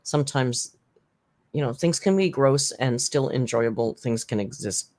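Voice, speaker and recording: At a measured pace and with a darkish tone, a channel host delivers casual, blunt commentary that rambles, restarts often, and wanders into side remarks, using sarcastic pitch jumps for emphasis.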